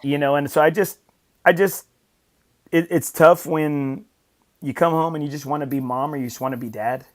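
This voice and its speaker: A middle-aged man talking on a casual podcast, with a slightly higher voice than most men. He speaks with emphasis and often repeats his phrases to drive a point home. It sounds like an easygoing, unscripted conversation. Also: steady tone, moderate pace. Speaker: podcast host and coach.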